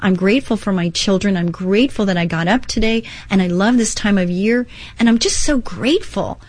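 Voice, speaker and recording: Hosting a Christian inspirational radio talk show, a middle-aged woman speaks briskly in a mid-range voice with no echo. Her tone is earnest and encouraging as she moves between devotional readings and personal remarks.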